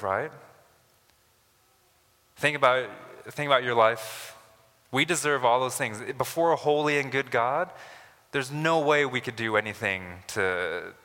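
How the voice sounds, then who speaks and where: A man's voice: medium pitch, pushed and bright, big-room sound. A man preaching a sermon as a pastor, talking conversationally and building to emphatic rises.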